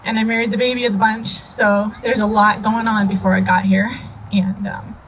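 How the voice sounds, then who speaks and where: A woman's voice: mid-range voice, little pitch movement, moderate pace, crowd noise, poor audio. A woman who married into the family, speaking at a memorial in a nervous, hesitant way with many ums. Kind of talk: memorial speech.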